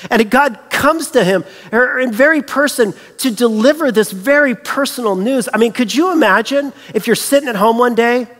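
A man preaching a sermon as a pastor, animated and storytelling, acting out the voices he quotes. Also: extremely high pitch, normal speed, hardly any pauses, long reverb tail.

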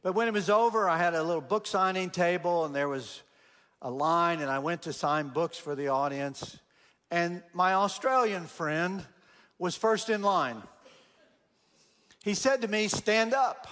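High-voiced man preaching in a hall. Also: a little slow. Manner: animated storyteller, acts out quotes. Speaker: guest speaker. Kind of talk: sermon storytelling.

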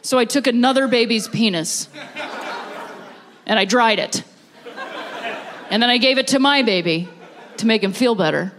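A woman from Ohio performing a stand-up comedy set, dropping deadpan punchlines between laughing, self-mocking asides. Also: a little high, moderate pace, pauses often, some chatter behind, a little hiss or hum. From Ohio, USA. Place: comedy venue with a live audience.

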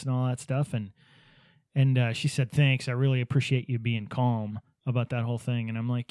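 A man's voice: mid-range voice, level tone, normal speed, a little mellow, clean tone, no echo. A man in casual chat, telling anecdotes and acting out what people said, laughing easily. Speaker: podcast host, business owner.

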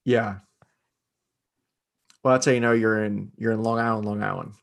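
A man with a gravelly, creaky voice co-hosts a casual podcast. He talks in a laid-back way, tossing in dry asides. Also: fairly low pitch, steady tone, normal speed. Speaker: podcast co-host.

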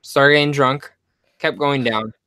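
Excitable young man with a dry close mic. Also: medium pitch, measured pace, clear, resonant tone, no room sound. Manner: animated storyteller, stammers and restarts. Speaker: podcast host. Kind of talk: casual movie podcast chat.

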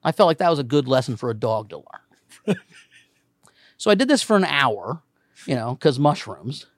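A man from Indiana, a comedian, telling a story in casual podcast chat. He is animated, swears freely and acts out voices. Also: medium pitch, moderate pace, dry recording, clean studio sound.

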